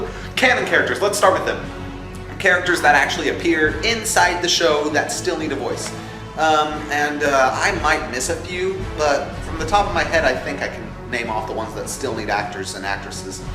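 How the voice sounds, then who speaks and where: A young man hosting a casual vlog that calls for voice actors for his fan film, animated and jokey, dropping into put-on voices. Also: mid-range voice. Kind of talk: casual casting-call vlog. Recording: echoey room with music behind.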